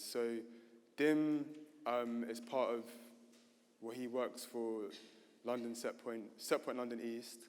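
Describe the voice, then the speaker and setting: A man speaking at a panel event, unscripted and hesitant, with many fillers and restarts. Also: medium pitch. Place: gallery event stage. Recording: reverberant hall.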